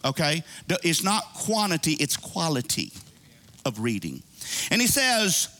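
A man preaching a sermon, reading scripture and retelling it with animated asides and character voices. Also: a little high, moderate pace. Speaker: pastor.

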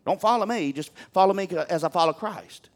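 An older man with a drawl delivers a sermon from the pulpit. His voice sits notably high for a man, and he preaches in a folksy, humorous, animated way. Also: a little fast. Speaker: pastor.

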